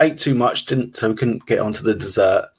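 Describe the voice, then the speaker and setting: A man's voice: fairly low pitch, a little fast, a little hiss or hum. A man chatting casually on a stream in a dry, matter-of-fact way. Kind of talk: casual chat.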